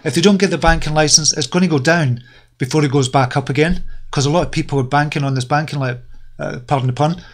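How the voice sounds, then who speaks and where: A man's voice: on the high side, fast talker. Upbeat man hosting a live stream. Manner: upbeat and enthusiastic, rambling with frequent fillers. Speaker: crypto channel host. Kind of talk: casual live-stream market commentary, reading viewer comments.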